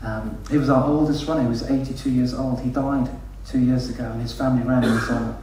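A man telling a lively story as a church leader, acting out quoted voices. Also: mid-range voice, fast talker, noisy background. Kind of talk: storytelling sermon. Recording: echoey hall, distant mic.

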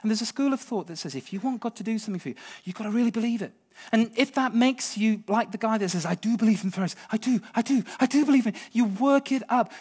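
A middle-aged British man preaching a sermon, swinging between hushed storytelling and impassioned pleading. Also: very high voice.

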